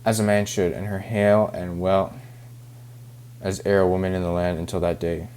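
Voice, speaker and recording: A man reading aloud as a self-pitying older backwoods farmer, halting over the rural dialect. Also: low-pitched, flat delivery, a little mellow, slight background noise, close to an everyday voice.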